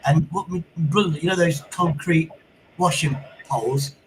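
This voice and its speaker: A man's voice: a little high, normal speed, a little hiss or hum, rough recording. Sweary man telling stories. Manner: swearing anecdotes with sound effects. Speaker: livestream host. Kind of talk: casual chat.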